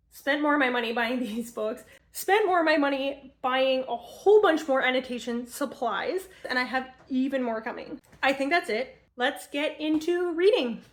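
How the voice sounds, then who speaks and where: Chatty young woman vlogging about books. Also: fairly high pitch. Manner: chatty, animated, laughing. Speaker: booktube vlogger. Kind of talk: casual vlog talk to camera.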